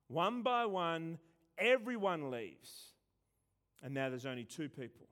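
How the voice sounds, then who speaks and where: Guy preaching, kinda high voice, punchy then goes quiet, repeats words a lot. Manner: emphatic, swings between loud and hushed, stumbles and repeats. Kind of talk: sermon.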